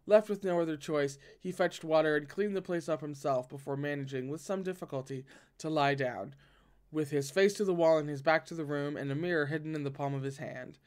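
A man's voice: a little high, fairly quick, hardly any pauses, darkish tone, smooth. A man reading a novel aloud and breaking off to react in a dramatic, swearing manner. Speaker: audiobook reader and reactor.

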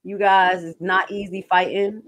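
A woman nurse giving casual, animated commentary on clips as a stream host. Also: mid-range voice, a little slow, muffled recording. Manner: animated, jumps to loud bursts.

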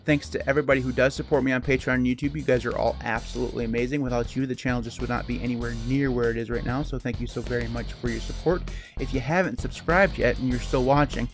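A man's voice: medium pitch, steady tone, quick pace, faint music behind. A man hosting his own channel, talking casually and rambling a little, with self-deprecating jokes. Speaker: channel host. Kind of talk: casual solo talk to camera.

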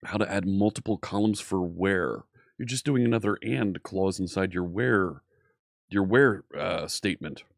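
A man's voice: low-pitched, a little slow, vocal fry, no echo, studio quality. An upbeat man hosting a live coding stream, chatting casually and greeting viewers by name.

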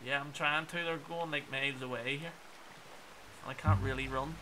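Background noise sits under this young Northern Irish man's casual gameplay commentary as he chats with viewers and exclaims while playing. In his twenties and speaking with a Belfast accent, he keeps a medium pitch, a steady tone and a normal speed.

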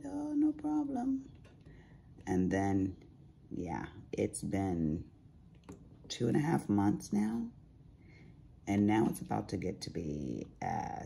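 A woman's voice: rumbling low, gravelly, warm tone, slight background noise. A middle-aged woman chatting casually while crafting at home, telling sassy stories with big swings in her voice. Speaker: crafting vlogger.

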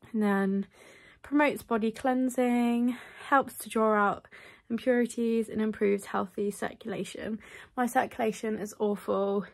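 A woman's voice: a little high, vocal fry, a little mellow. A young woman, chatting casually to camera in a rambling vlog with frequent laughs. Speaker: vlogger.

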